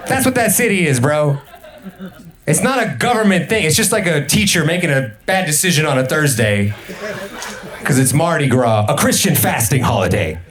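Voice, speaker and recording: An energetic young man performing stand-up comedy, his voice bouncing with lively swings and sitting a touch high. He riffs absurdly and slips into goofy voices for the people he quotes. A live club crowd laughs loudly around him. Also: normal speed.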